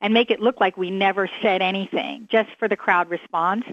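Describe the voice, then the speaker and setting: A woman's voice: mid-range voice, fairly even intonation, a little fast, a bit bright. A woman speaking emphatically and indignantly as a psychic guest in a radio interview. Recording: dry, muffled radio sound.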